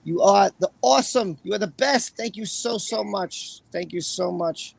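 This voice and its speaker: A man hosting a casual livestream with a raspy voice, chatting and then reading a court opinion aloud in a rambling way. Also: high-pitched, moderate pace, no room sound. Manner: rambling, chatty, with fillers and repeated phrases. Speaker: livestream host.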